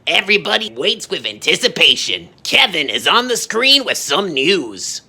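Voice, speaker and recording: Someone doing Boney, a cheerful host reading little stories from a storybook. The voice is bright and a little husky, with lively ups and downs. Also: mid-range voice, moderate pace, full character voice.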